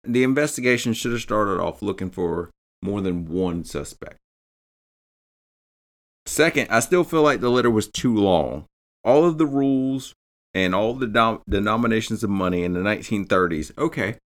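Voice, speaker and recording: A man's voice: fairly low pitch, normal speed. A man hosting a podcast, telling a true-crime story in a casual, profane way. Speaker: podcast host.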